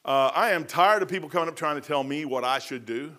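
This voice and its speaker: Older male pastor, high voice, bright tone, casual sermon. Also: quick pace. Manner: casual preaching with asides and self-mocking humor. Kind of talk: folksy sermon.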